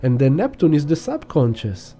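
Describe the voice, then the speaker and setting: A man's voice: a little high, huge pitch swings, normal speed, dark tone, soft background music. A man giving a rambling spiritual astrology talk, casually swearing and acting out examples. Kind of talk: spiritual teaching monologue.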